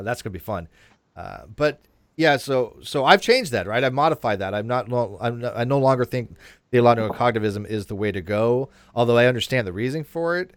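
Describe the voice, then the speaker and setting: A man's voice: on the low side, no room sound. Male host, casual discussion, chatty explainer, dry close mic. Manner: explains at length with many restarts and fillers.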